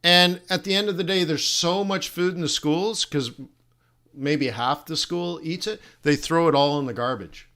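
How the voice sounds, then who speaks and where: A middle-aged man runs a live trading lesson in a high, bright voice. He is animated and jokey, teasing his viewers, trailing off into laughs and restarting his sentences. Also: moderate pace. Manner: rambling, with frequent laughs and restarts. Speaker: forex trading instructor and host.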